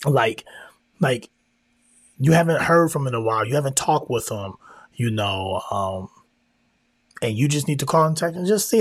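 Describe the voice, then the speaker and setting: A man's voice: mid-range voice, lively intonation, normal speed, pauses often, dry recording, studio quality. A man hosting a faith-based family podcast, talking casually in slang and repeating himself. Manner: conversational, slangy, repeats himself, sometimes drops into prayer. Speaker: podcast host.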